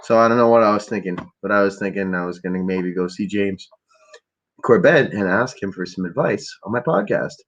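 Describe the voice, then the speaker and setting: On his podcast, a man from Canada speaks briskly in a lowish voice, wandering through a story in loose monologue form. He frequently trails into fillers and starts over, and the audio is muffled.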